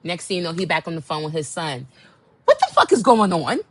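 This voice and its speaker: A podcast host, a sassy woman, delivers a casual monologue about a dating story, animated and acting out the quotes. Her voice is husky and fairly low, and she talks briskly.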